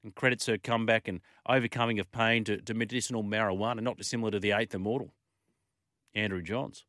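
A man with an Australian accent hosting a sports talkback radio show, chatty and lively as he reads listener messages and gives scores. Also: on the low side, fast talker, no echo, clean studio sound. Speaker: radio sports talk host.

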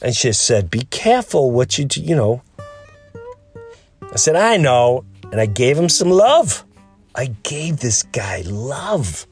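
A man's voice: mid-range voice, very animated, a little slow, darkish tone, soft background music. A man hosting a podcast, talking in an earnest, rambling way and acting out the people he quotes. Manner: acts out quoted voices. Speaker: podcast host. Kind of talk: casual monologue.

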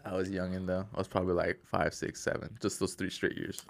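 A man's voice: low-pitched, completely flat delivery, a little fast, gravelly, no room sound. A young man co-hosting a podcast, chatting casually and profanely with friends, laughing often. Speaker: podcast co-host. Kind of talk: casual chat.

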